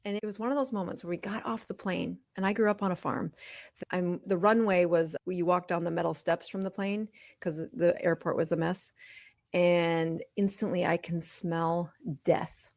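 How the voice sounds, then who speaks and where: A woman's voice: lowish voice, steady tone, moderate pace, a little mellow, no echo, studio quality. A middle-aged woman physician, a podcast guest, telling her personal story candidly and with liveliness, acting out exchanges.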